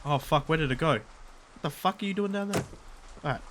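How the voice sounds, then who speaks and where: A man's voice: fairly high pitch, lively intonation, brisk, background noise. A man doing crude, joking let's-play commentary while he plays. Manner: crude, joking, swears a lot. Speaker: gaming YouTuber.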